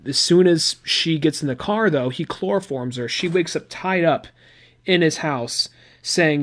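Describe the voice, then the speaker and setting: A man's voice: on the high side, a little slow. A man hosting a podcast, recapping a comic book in a rambling, chatty way with asides. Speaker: podcast host.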